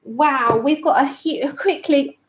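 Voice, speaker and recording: A high-pitched woman chats from home as she hosts a live colouring stream. She laughs easily, apologises, and greets viewers by name, a little out of breath. The audio is dull and lo-fi. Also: slow pace. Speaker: livestream colouring host. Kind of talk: casual live-stream chat.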